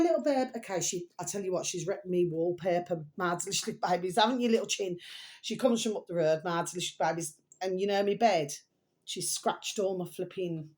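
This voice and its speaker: Chatty woman vlogger with a lowish voice who meanders and talks warmly to her viewers. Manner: chatty, meandering, keeps calling viewers her delicious little babies. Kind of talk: rambling casual monologue.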